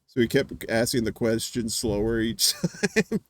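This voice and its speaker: A man hosting a casual live-stream chat, telling rambling stories full of filler words and dropping into quick voice impressions. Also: mid-range voice, expressive. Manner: does quick voice impressions of others. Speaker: host.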